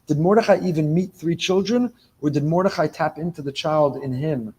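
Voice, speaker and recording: A man preaches a sermon to a synagogue congregation, his voice pitched a touch high with a soft, mellow tone. He drives points home by repeating phrases and threads Hebrew words through his talk. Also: normal speed, hardly any pauses, slightly rough. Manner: emphatic, repeats key phrases, weaves in Hebrew terms. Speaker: rabbi. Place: synagogue before a live congregation.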